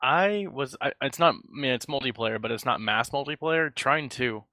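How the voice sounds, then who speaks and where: A man co-hosting a casual gaming podcast, upbeat and telling quick stories. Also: mid-range voice, animated, pushed and bright, no echo. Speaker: podcast co-host.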